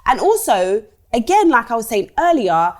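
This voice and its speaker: A woman's voice: fairly high pitch, moderate pace. Outspoken woman guest. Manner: outspoken and animated, swearing freely. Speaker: guest, online show host. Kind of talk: casual chat.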